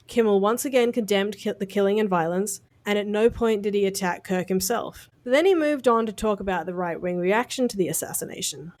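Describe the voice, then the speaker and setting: A woman's voice: medium pitch, darkish tone. A woman co-hosting a podcast, talking through news in a blunt, casual way, swearing and laughing at her own jokes. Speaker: podcast co-host.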